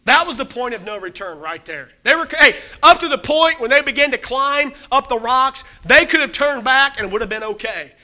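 Guy preaching a sermon, really high and bright voice, gets loud then drops soft for scripture. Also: expressive, fairly quick, hardly any pauses. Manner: emphatic, conversational, swings between loud exhortation and quiet scripture reading.

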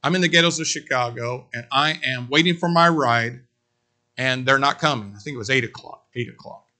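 A man preaching a sermon, telling a story in an animated way and speaking straight to his congregation. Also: medium pitch, a little fast. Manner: animated, addresses the congregation directly.

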